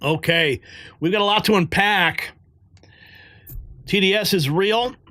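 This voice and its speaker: A man's voice: high voice, unhurried, pushed and bright, no room sound. A man hosting a political news show, talking casually and joking between segments. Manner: joking, chatty asides.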